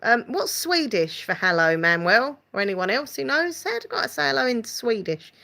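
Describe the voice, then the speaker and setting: A woman's voice: a little high, very animated, moderate pace, gravelly, pushed and bright. A woman with an Essex accent, hosting a casual live stream, rambling and reading out viewer comments. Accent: Essex English. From England.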